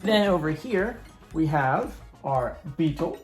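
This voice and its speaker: A chatty man talks through a homemade board game in a casual show-and-tell. His pitch rises and falls a lot, his level is mid, and the delivery is upbeat and meandering. Soft music plays faintly underneath. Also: animated, slow pace. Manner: chatty, upbeat, rambling asides. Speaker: YouTube host.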